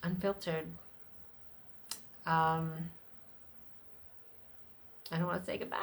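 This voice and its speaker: A middle-aged woman with a notably low voice chats unfiltered in a personal vlog. She rambles, drops fillers and swears freely, and now and then jumps much higher to act out what others said to her. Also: a little slow, a bit bright. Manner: acts out other people's lines in a much higher voice. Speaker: vlogger. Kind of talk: unscripted personal vlog chat.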